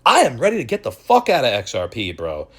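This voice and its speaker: A man's voice: medium pitch, huge pitch swings, brisk, fairly bright tone. A young man hosting a crypto channel, ranting in a profane, exasperated and mocking way. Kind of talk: ranting video commentary.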